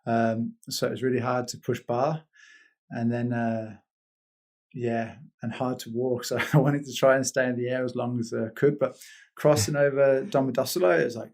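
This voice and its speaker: A man's voice: medium pitch, creaky, darkish tone. A British man telling a rambling story as a guest in a casual interview, laughing often and restarting his sentences. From Britain. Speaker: guest, paraglider.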